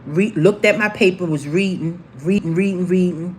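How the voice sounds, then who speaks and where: A woman's voice: on the low side, moderate pace, slight background noise. A woman in her forties, casually telling a personal story to viewers on a livestream and acting out the voices of the people in it. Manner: animated, acts out quoted voices. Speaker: livestream host.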